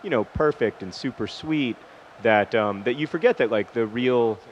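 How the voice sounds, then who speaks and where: A man's voice: medium pitch, moderate pace. A man hosting a gaming video, telling a personal story in a casual, rambling way and breaking off mid-sentence to comment on the match. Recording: dull lo-fi recording, faint hiss.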